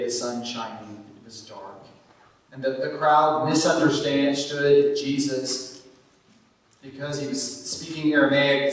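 A man preaching a sermon as pastor, swinging from emphatic, raised bursts down to low, quiet stretches. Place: church sanctuary. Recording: echoey church from far off with faint noise.

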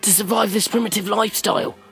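A man's voice: high voice, fairly even intonation, fast, gravelly, over music. A young man hosting a comedic mock documentary outdoors, flustered and exasperated, swearing now and then. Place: outdoors in fields and bushes.

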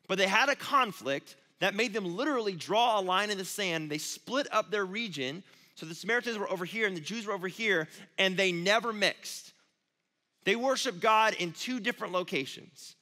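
Bright-voiced man preaching in a hall. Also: high voice. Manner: casual, storytelling, animated asides. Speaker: youth pastor. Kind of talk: youth sermon. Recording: long reverb of a large hall.

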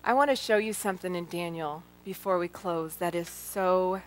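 A woman's voice: lowish voice, normal speed, a little hiss or hum. A middle-aged woman giving a personal testimony talk to a live audience, earnest and heartfelt, speaking directly to her listeners as a Christian speaker.

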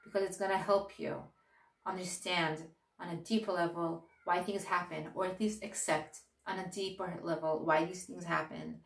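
A woman's voice: fairly low pitch, fairly even intonation, moderate pace. A woman giving a casual spiritual talk, speaking in an earnest, direct and encouraging way. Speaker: spiritual teacher. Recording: roomy echo, distant mic.

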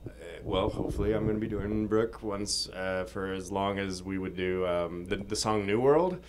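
A man being interviewed as a voice actor, talking fast and excitedly, laughing often and acting out quotes. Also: low voice, background noise. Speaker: voice actor guest. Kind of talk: casual interview chat. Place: convention room.

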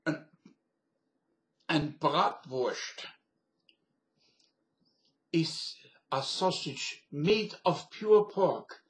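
Fake German deli man, by an older man, slow, overemphatic, echoey webcam room. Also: on the high side, animated. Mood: mock-formal. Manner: mock-formal, slow, overemphatic.

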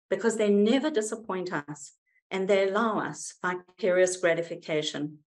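A woman psychoanalyst reading a prepared paper aloud in a measured, wry, expressive way. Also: mid-range voice, poor audio.

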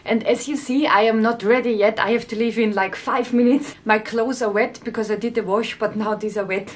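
Wry Austrian woman, slightly high voice. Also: fairly even intonation, brisk, few pauses, slight background noise. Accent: Austrian German. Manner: dry, self-mocking humor. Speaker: stand-up comedian. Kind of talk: casual vlog chat and stand-up comedy.

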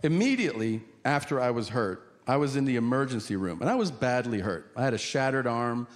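A man's voice: mid-range voice, expressive, brisk. Wry self-mocking male stand-up comedian. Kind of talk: stand-up storytelling. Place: comedy stage with live audience. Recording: noisy live stage recording.

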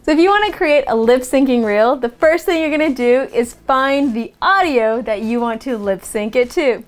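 A woman's voice: high voice, lively intonation, moderate pace, soft background music. A young woman who teaches video production, explaining a phone app step by step in a casual, upbeat tutorial.

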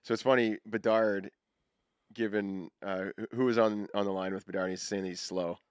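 A man co-hosting a hockey podcast in casual chat, animated and acting out players' lines. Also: lowish voice, normal speed, clean tone, dry recording, studio quality. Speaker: podcast co-host.

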